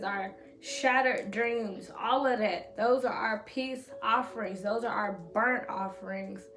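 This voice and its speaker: Speaking candidly to camera in a motivational talk, a woman vlogger reassures listeners with blunt, profane encouragement. Her voice is on the high side and a bit bright.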